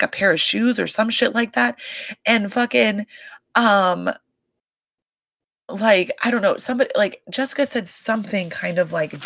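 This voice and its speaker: Recapping a reality show on her podcast, this woman has a creaky, mid-range voice captured on a desk microphone with no room sound. Her chat is casual, gossipy and profane, full of "like" and "you guys," and she stays animated throughout.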